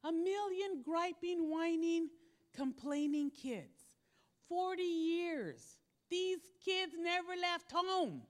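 Style: sermon. Sex: woman. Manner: emphatic and direct. Pitch: high. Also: expressive, slow pace. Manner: emphatic, direct appeals to the congregation. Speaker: preacher.

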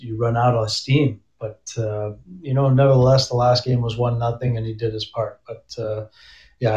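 A man's voice: medium pitch, a little mellow. Man talking hockey in a roomy, muffled recording. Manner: conversational, frequent restarts and fillers. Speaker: hockey coach as guest. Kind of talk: casual sports interview. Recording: roomy, dull remote audio.

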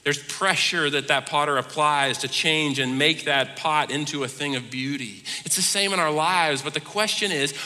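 A man preaching a sermon as pastor, swinging between hushed asides and loud emphatic runs. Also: fairly high pitch, moderate pace, hardly any pauses. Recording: long reverb of a large hall.

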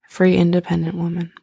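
Gravelly low woman, casual retelling. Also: warm tone. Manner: loose, filler-heavy retelling with lots of "like". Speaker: storyteller retelling an opera plot. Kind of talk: casual chat.

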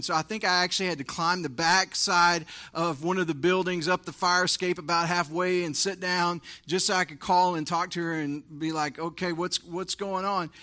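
Man, thirties, pastor, sermon storytelling, bright voice, fairly high pitch. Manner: storytelling, swings from hushed to fervent.

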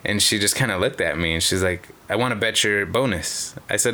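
A man's voice: fairly low pitch, fairly quick, bright, forceful tone. A man telling casino stories in a casual, rambling way, swearing often and filling gaps with "you know". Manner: profane, rambling, many fillers. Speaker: caller sharing casino stories. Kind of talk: casual storytelling.

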